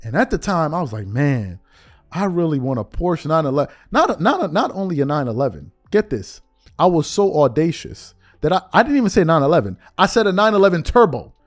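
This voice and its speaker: Over soft background music, a commentary show host talks fast in a sing-song, slightly high voice. He offers forceful, opinionated sports commentary in casual slang and keeps throwing out rhetorical questions.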